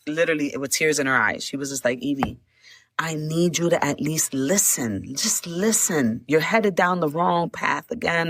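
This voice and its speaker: A middle-aged woman telling her testimony as a guest, animated, repeating words and laughing often. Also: fairly low pitch, no echo. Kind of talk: emotional storytelling.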